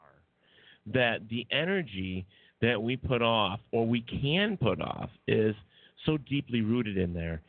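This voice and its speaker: A man's voice: medium pitch, expressive, slow, dry recording. Male co-host, teasing and rambling, dry phone-quality audio. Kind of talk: casual chat.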